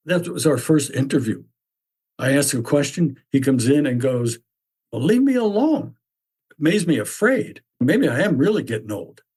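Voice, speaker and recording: A man in his seventies tells a personal story in a reflective podcast talk, turning over questions out loud. His voice has a husky, slightly breathy grain, and his pitch sits in a mid range. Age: 70s. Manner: musing, full of rhetorical questions. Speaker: podcast host.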